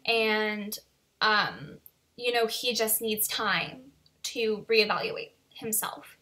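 A woman quoting her young female college roommate, who is tearful and speaks in a soft, upset way. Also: mid-range voice, slow.

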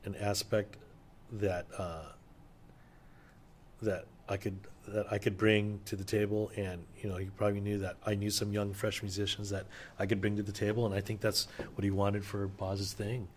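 A man's voice: on the low side, little pitch movement, moderate pace, slight background noise. A middle-aged man, a session drummer, telling stories casually in an interview, loose and enthusiastic with plenty of fillers and swearing.

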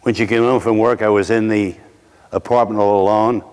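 Middle-aged preacher guy from brooklyn, kinda low voice, wry asides, echoing hall. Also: steady tone, fairly quick, a little mellow, clear, resonant tone. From Brooklyn, New York. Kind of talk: sermon storytelling.

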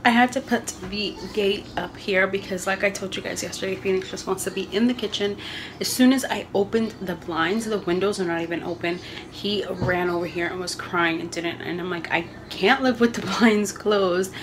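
A young woman vlogging from her home kitchen, rambling and thinking out loud as she talks about her family day. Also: mid-range voice, steady tone, fairly quick, a little hiss or hum. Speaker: vlogger, mother. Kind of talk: casual home vlog chat.

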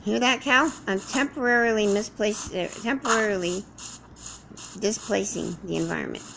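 A woman's voice: mid-range voice, moderate pace, vocal fry, noisy background. A woman doing in-character survival roleplay commentary while playing, rambling to herself and chatting to the animals around her. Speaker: game roleplayer.

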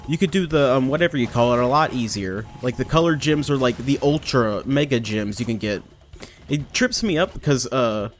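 A young man talking casually over his gameplay, rambling and mocking himself, with sudden loud outbursts. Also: a little high, slight background noise. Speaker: let's play gamer.

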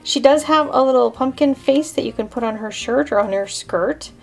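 A woman's voice: sits high, moderate pace, creaky, faint music behind. A woman hosting a casual card-making tutorial, explaining her steps in a chatty way.

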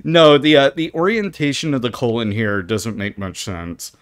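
A man's voice: medium pitch, moderate pace, no room sound, clean studio sound. A man commenting casually while he plays a game, stammering, swearing and reacting with disgust. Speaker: streamer playing a game. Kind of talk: casual live gameplay commentary.

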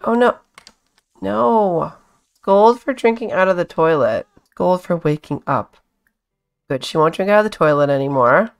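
A woman's voice: on the low side, expressive, measured pace. A woman hosting a casual let's-play, chatting along and coaxing her characters with pet names. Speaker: gaming channel host.

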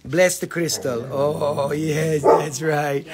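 A man's voice: fairly high pitch, fairly even intonation, slow, very noisy. A man hosting a live mineral sales stream, talking in a joking, rambling, playful way as he announces prices. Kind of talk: casual live selling banter.

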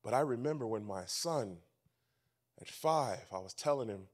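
A male pastor preaching a sermon at a church camp meeting, swinging from loud emphasis to hushed near-whispers and repeating his key phrases. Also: medium pitch, expressive, moderate pace.

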